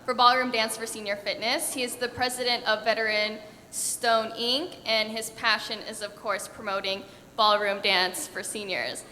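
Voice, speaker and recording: Bright-voiced woman emceeing in a hall. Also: fairly even intonation, normal speed. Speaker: event emcee. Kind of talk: introducing a speaker. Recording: reverberant hall with faint rumble.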